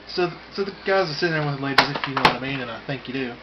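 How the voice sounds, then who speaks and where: A man's voice: mid-range voice, animated, racing. A man telling a rambling, folksy story as patter for a card trick, repeating himself as he goes. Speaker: amateur magician performing a card trick. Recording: muffled home recording with loud hiss and card clicks.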